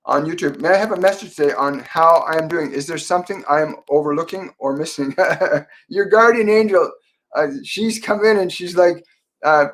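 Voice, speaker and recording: A man hosting a live-stream Q&A as a psychic medium, talking softly and meanderingly with many fillers and restarts. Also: a little high. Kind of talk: live-stream Q&A, relaying spirit messages.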